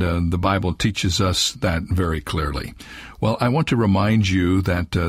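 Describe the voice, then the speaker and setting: A man hosting a radio program, talking in a relaxed, conversational way with an occasional filler as he closes the show. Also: sits low, breathy edge, no room sound. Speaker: radio host. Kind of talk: radio program closing announcement. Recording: dry studio voice over soft music.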